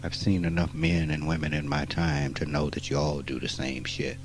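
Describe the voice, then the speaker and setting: A man, giving a spiritual talk in a blunt, profane, emphatic way that swings from quiet asides to loud outbursts. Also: rumbling low, level tone, normal speed, slight background noise, low-quality recording. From rural Mississippi. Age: 50s. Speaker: spiritual teacher. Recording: archival 1989 talk recording.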